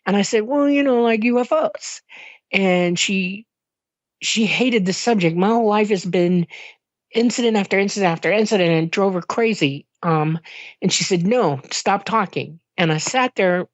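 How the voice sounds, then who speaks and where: Woman guest from Miami, lower voice, casual storyteller; dull, dead-dry lo-fi recording. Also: no room sound. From Miami, Florida. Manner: animated, emotional retelling with sudden jumps in pitch when quoting herself; casual, conversational, with frequent fillers and laughs. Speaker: interview guest. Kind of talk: personal storytelling in an interview.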